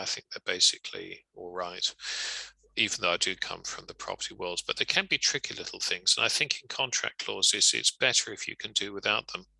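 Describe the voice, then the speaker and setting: A male legal trainer with a low, gravelly voice that still cuts through sharp and bright. He explains in a measured, wry, conversational manner, recorded close and dry. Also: dry recording, rough recording. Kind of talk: recorded lecture.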